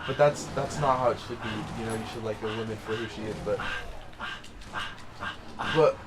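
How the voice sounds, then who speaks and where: A man's voice: lowish voice, normal speed, noisy background. A young man telling a story while playing a game, rambling with many fillers and restarts. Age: young adult. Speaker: let's play commentator. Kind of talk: casual storytelling over gameplay.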